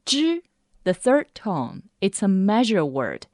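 A woman hosting a radio language lesson, saying model phrases slowly and carefully. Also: medium pitch, very animated, a little mellow, no echo, studio quality. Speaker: language teacher and host.

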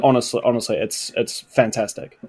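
A woman from New Zealand with a New Zealand accent, chatting in an interview, animated and laughing, stumbling over words. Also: rumbling low, a little fast, husky. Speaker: film crew member. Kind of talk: casual interview chat.

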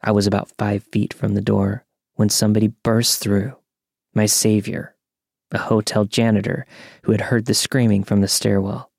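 A young man calmly narrating a true scary story from a script. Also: fairly low pitch, creaky, husky, no echo, studio quality. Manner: calm, measured storytelling.

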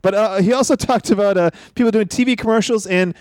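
A man's voice: high-pitched, quick pace, a little mellow, no echo, studio quality. A man co-hosting a casual podcast chat, amused and laughing often. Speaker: podcast co-host.

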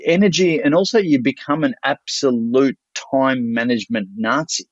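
An energetic Australian man tells a story in a casual podcast chat, swearing freely and restarting his sentences. His voice sits mid-range and sounds dry and close. The audio is dull and lo-fi. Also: medium pitch, normal speed, no room sound. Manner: energetic, profane, full of restarts. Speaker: guest, seminar speaker.

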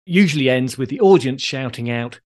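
A man hosting a podcast, calmly explaining in a dry storytelling way and delivering groan-worthy jokes. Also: mid-range voice, a little fast. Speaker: podcast host. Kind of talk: conversational explaining.

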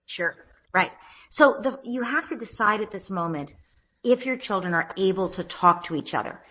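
A woman and parenting author, guest on an interview, explaining steps in a calm, gentle, instructive way. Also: medium pitch, normal speed, poor audio.

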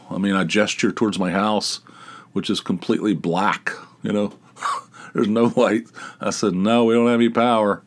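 A middle-aged man hosting a podcast, telling a rambling, animated story in casual talk, swearing and acting out a neighbor's lines. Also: on the low side. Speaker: podcast host.

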